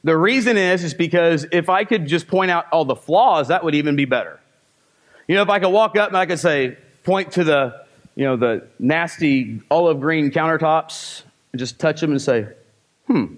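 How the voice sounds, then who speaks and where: A man's voice: on the high side, moderate pace. A man teaching a live sales seminar. He fires off rhetorical questions and short, punchy commands from the stage. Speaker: sales trainer.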